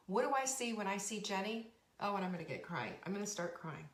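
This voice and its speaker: A woman's voice: mid-range voice, lively intonation, fairly quick, echoey room. A woman hosting a motivational talk as a coach, speaking emphatically and earnestly with lots of repetition. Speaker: podcast host and coach.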